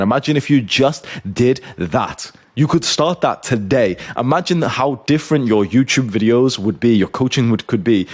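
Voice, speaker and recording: A young man who coaches YouTubers, giving an intense motivational monologue to camera and swearing often. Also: on the low side. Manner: intense, swears often, urgent pep talk.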